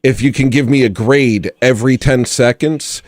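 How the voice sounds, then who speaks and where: Deadpan rambling male livestream host. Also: mid-range voice, normal speed, dry recording. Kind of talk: casual livestream chat.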